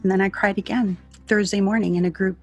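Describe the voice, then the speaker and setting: A soft-spoken woman speaking in an emotional, open way during a heartfelt panel discussion. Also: mid-range voice, steady tone, fast talker, soft background music.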